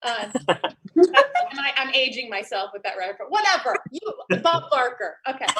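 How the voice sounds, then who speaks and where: A woman's voice: high-pitched, very animated, slow pace, fairly bright tone, a little hiss or hum. A young woman doing playful stand-up over a video call, laughing at her own jokes. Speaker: comedian.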